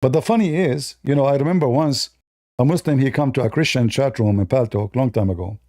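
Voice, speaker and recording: A man's voice: mid-range voice, brisk, mellow, no room sound, studio quality. Sarcastic man in broken English. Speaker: religion commentator. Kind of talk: casual mocking monologue.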